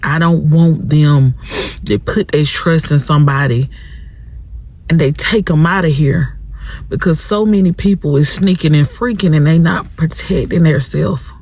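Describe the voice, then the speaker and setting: A woman's voice: low voice, unhurried, darkish tone. A woman hosting a vlog, chatting candidly to viewers about parenting her teenage son and repeating phrases for emphasis. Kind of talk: candid casual chat to viewers.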